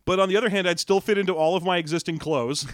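A man's voice: high voice, quick pace, a little hiss or hum. A man hosting a podcast, chatting casually and joking while he reads out listener questions. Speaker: podcast host. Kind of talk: casual chat.

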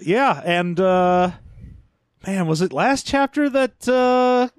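A man's voice: high-pitched, animated, smooth, no room sound, studio quality. A man co-hosting a podcast, bantering playfully and recapping a story. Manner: playful, quick banter, laughs a lot. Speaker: podcast co-host. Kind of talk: casual chat recapping a story.

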